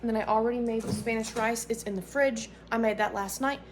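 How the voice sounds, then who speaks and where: A woman films herself on a handheld phone camera while cooking dinner in her home kitchen, chatting casually. Her fairly high voice has a steady tone and a brisk pace, with background noise present. She's chatty and rambling, often correcting herself.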